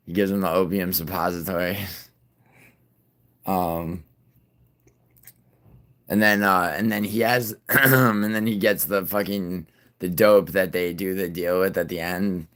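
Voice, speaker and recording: A man with a very low voice hosts a casual livestream and answers his viewers. He rambles through fillers and swears freely. He often drops to a mumble, then pushes loud and insistent. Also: fairly even intonation, a little slow, pauses often. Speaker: livestream host.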